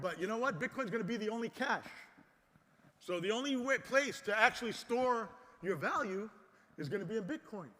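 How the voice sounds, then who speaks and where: Man, conference speech, fiery and exhorting, bright high voice, long hall echo. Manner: fiery, exhorting, swings between loud and soft. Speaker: conference speaker.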